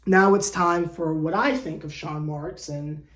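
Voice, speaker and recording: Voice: mid-range voice, steady tone, unhurried, fairly bright tone. A channel host giving a casual fan commentary rant to camera, joking and slangy, tripping into repeated words and restarts. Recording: roomy echo.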